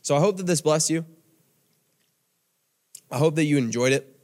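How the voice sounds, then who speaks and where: A man's voice: a little high, moderate pace, darkish tone. An American man preaching a podcast sermon in an earnest way, often repeating phrases and restarting sentences. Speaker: pastor.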